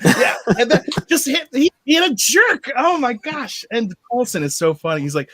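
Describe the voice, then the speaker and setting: A man hosting a casual movie discussion, excitable, laughing often and acting out quotes. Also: extremely high pitch, normal speed, dry recording. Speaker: podcast host.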